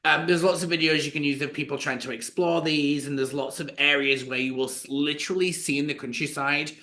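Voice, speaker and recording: A man co-hosting a podcast, telling a story in a chatty, animated way with lots of fillers. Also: a little high, brisk. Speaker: podcast co-host. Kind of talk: casual storytelling chat.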